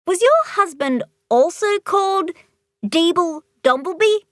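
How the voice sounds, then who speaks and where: A woman voicing a young girl witch in a storybook reading, speaking high and urgently. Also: animated, measured pace, a bit bright, no room sound, clean studio sound, exaggerated voice. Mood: eager.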